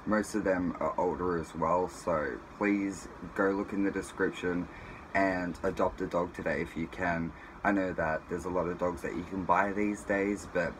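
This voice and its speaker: A man, chatting casually and loosely to his vlog viewers at an animal shelter. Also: sits low. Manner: relaxed, slangy, with fillers. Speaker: vlogger. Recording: noisy shelter recording with barking dogs. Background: dogs barking.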